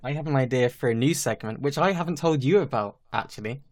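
A man's voice: mid-range voice, fast. A man co-hosting a podcast over a remote call, joking and swearing casually while eating. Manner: joking, swears freely, eats while talking. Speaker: podcast co-host. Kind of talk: casual chat. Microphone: own microphone, remote call.

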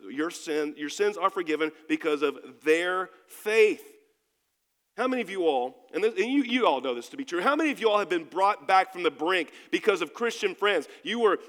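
A man's voice: high voice, a bit bright, in a large hall. A man preaching a sermon as pastor, speaking emphatically and putting questions to his congregation. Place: church sanctuary.

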